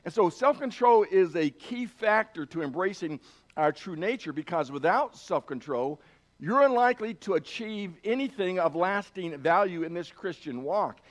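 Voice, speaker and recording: Conversational male pastor, high voice. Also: expressive, normal speed. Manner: conversational, with frequent fillers and restarts. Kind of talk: sermon.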